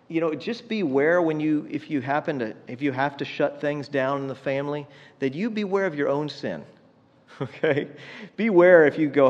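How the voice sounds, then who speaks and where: A man's voice: fairly high pitch, long reverb tail, dull audio. A man preaching a sermon as pastor, talking in a conversational way with many fillers and small laughs.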